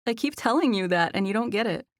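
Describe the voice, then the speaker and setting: Woman narrator voicing a giggly teasing best friend, brighter and higher than the narration. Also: lively intonation, quick pace, no echo, studio quality, natural voice. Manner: teasing, bubbly.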